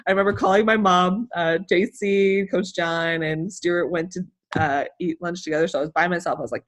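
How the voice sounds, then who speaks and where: Athlete woman guest, slightly low-pitched, animated and emotional, rambling delivery. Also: normal speed. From United States. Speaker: interview guest, hammer thrower. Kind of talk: casual interview storytelling.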